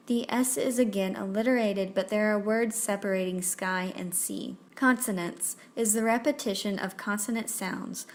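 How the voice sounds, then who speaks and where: A woman narrating a scripted lesson on poetry, reading examples aloud slowly. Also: medium pitch.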